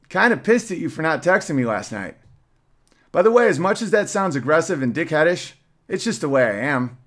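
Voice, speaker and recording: Man, podcast host, reads his memoir aloud, wry asides, plain steady voice. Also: mid-range voice. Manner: wry storytelling with side remarks.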